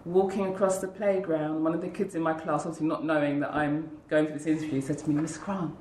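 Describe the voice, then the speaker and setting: A woman's voice: low voice, flat delivery, fast talker, a little mellow, a little hiss or hum. A woman guest in an interview, earnestly telling a heartfelt personal story and acting out the voices of people she quotes. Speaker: interview guest, school leader. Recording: roomy echo.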